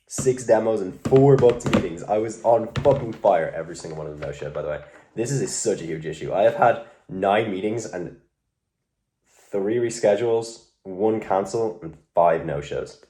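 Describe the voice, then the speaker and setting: A man's voice: low-pitched, mellow, a little hiss or hum. A young man talking casually in a vlog, rambling, swearing often and poking fun at himself. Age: young adult. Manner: rambling, profane, self-mocking. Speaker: vlogger.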